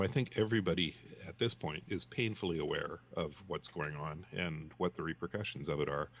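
A man co-hosting a casual podcast chat, rambling and telling jokes with many restarts. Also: low-pitched. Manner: joke-telling. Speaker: podcast co-host.

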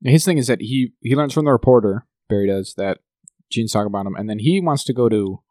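A man co-hosting a podcast in casual chat, animated and quick to laugh. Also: medium pitch, no room sound, studio quality. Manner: animated, laughs often, talks over partner. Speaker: podcast co-host.

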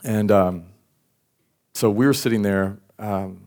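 A man's voice: lowish voice, slow, a little mellow. A young man, telling a personal story in a church sermon, talking casually with many "like"s and "um"s and an occasional sigh. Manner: conversational, frequent "like" and "um", sighs. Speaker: worship pastor. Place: church service.

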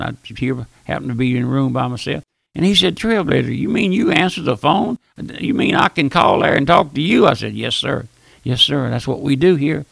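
A man's voice: a little high, creaky, fairly bright tone, dry recording. An older man preaching a fiery, boisterous radio sermon, folksy and repetitive.

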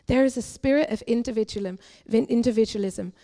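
A young adult woman, a guest preacher at a church, giving an earnest, confessional testimony that moves between forceful and hushed. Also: fairly high pitch, a little fast. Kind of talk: personal testimony sermon.

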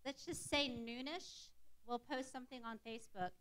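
A woman's voice: high voice, normal speed, a bit bright. Chatty woman announcing in church, noisy room. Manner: chatty, laughs easily, unscripted. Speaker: church announcer, pastor's wife. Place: church sanctuary. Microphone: stage microphone.

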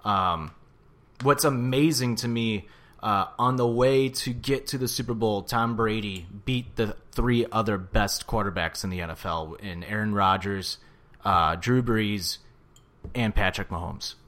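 A man's voice: lowish voice, unhurried, a bit bright. A man co-hosting a casual podcast, from the St. Louis area, joking and swearing loosely about sports and ads. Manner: loose, profane, jokey banter. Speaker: podcast co-host.

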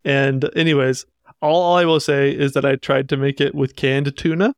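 Guy cohosting a podcast, jokey and teasing, close dry mic, middle pitch. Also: steady tone, moderate pace, clear, resonant tone, no room sound. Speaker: podcast co-host. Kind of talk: casual chat.

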